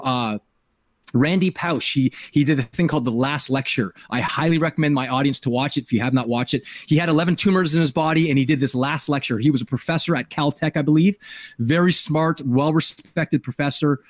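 A man's voice: on the high side, dry recording. A middle-aged man hosting a podcast as a life coach, telling a personal story in an earnest way and often repeating words as he starts a thought.

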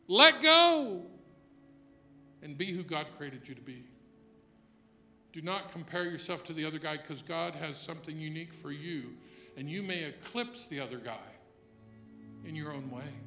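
Man preaching, bright forceful tone, slightly high voice, echoey church room, faint music behind. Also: normal speed, long pauses. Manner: preaching, swings from quiet to loud emphatic passages. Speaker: pastor. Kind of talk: sermon.

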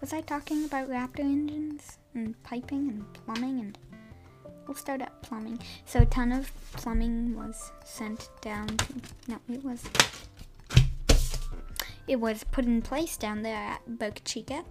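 A woman's voice: on the high side, steady tone, a little slow, over music. A woman hosting a casual podcast, rambling and hesitant, often correcting herself, with wry, self-deprecating humor. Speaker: podcast host. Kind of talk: casual unscripted podcast update.

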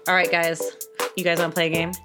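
A young woman co-hosting a podcast, telling stories in casual chat, animated and laughing as she acts out the people she quotes. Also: fairly low pitch, fast talker, loud music behind the voice. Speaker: podcast co-host.

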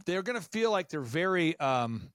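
Animated American man, fairly high voice. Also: normal speed, no room sound, clean studio sound. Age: 40s. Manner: animated, acts out quoted voices. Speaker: podcast guest. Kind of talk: enthusiastic business advice talk.

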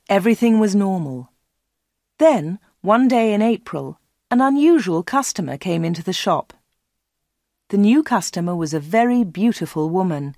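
A woman narrating a storybook slowly and clearly for learners. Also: medium pitch, a little mellow, dry recording, clean studio sound. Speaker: audiobook reader.

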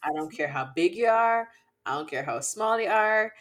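A woman co-hosting a chat podcast, her pitch swinging widely as she talks. She is blunt and laughs a lot, and she acts out quoted lines. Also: expressive, moderate pace, a bit bright. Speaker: podcast co-host. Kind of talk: casual chat.

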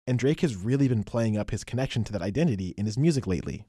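A man reading scripted documentary narration in a measured, explanatory way. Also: on the low side, animated, dark tone, husky, no room sound, clean studio sound. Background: music bed.

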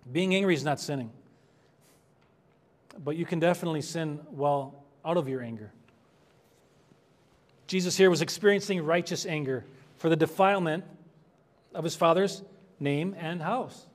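A man's voice: on the high side, moderate pace, long pauses. A man preaching an expository sermon as pastor, earnest and conversational, rising in emphasis on key points. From United States.

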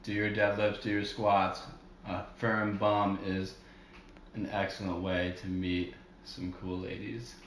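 A man's voice: sits low, completely flat delivery, takes it slowly, echoey room, slight background noise. A young man from New Jersey co-hosting a casual podcast chat, goofy and full of surfer slang. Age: young adult. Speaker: podcast co-host.

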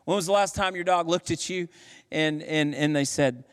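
A man in his thirties preaching a sermon as pastor, telling stories with animated acted voices. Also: on the high side, normal speed, clean tone. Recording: long hall reverb.

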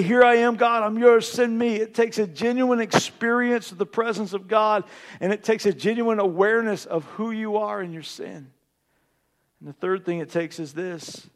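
A man preaching a sermon as pastor, swinging between hushed, intimate passages and loud, emphatic repeated declarations. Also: sits high.

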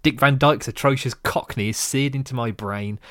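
A man's voice: mid-range voice, normal speed, a bit bright, no echo. Co-host, sarcastic man who laughs a lot, dry close recording. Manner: sarcastic, laughs often, reads listener emails. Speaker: podcast co-host. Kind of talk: casual chat.

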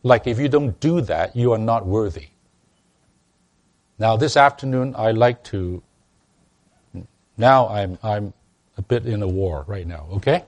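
A man's voice: fairly low pitch, measured pace, pauses often, darkish tone. A man preaching a sermon to a congregation, emphatic, often restarting his words and asking them rhetorical questions. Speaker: pastor.

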